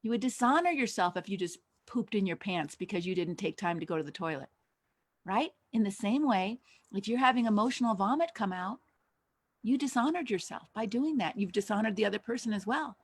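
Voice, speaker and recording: A woman's voice: mid-range voice, animated, fairly quick, slightly rough, dry recording. An older woman giving a conversational teaching talk as a Christian counselor, asking many rhetorical questions.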